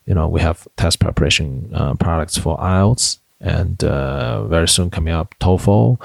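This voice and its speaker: Man, company founder, from China, very low pitch, dry recording, animated storytelling. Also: a little slow, gravelly, dry recording. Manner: animated storyteller, many fillers and restarts. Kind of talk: interview conversation.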